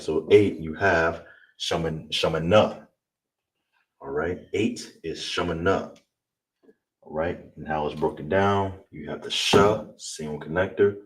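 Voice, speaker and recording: Deep-voiced man teaching, distant noisy mic. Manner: repeats words, frequent "all right?". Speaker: language teacher. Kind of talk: online class lesson.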